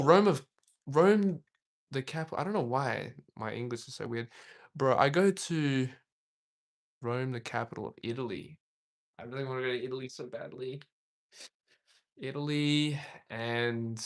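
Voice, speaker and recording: A man's voice: medium pitch, unhurried, long pauses. Young man chatting on a livestream. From Australia. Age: young adult. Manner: rambling, reads viewer comments aloud, laughs often. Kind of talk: casual live-stream chat.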